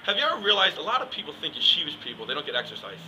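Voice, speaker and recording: A man's voice: a little high, big pitch swings, very fast, bright, forceful tone, a little hiss or hum, rough recording. A young man, rambling through a casual comic rant with many "like"s and "I mean"s. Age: young adult. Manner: rambling, joking, full of "like" and "I mean". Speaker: yeshiva student comic.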